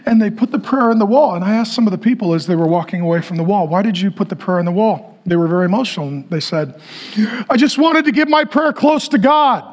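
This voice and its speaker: A man preaching a sermon to a congregation, animated, with playful asides and sudden loud bursts. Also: sits high, quick pace, hardly any pauses. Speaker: pastor.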